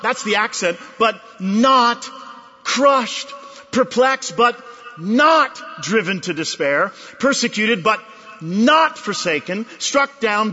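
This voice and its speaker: High, bright-voiced man preaching in a hall. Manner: emphatic, repeating phrases for effect. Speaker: pastor. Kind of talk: sermon. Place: large conference hall. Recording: dull recording in a reverberant hall.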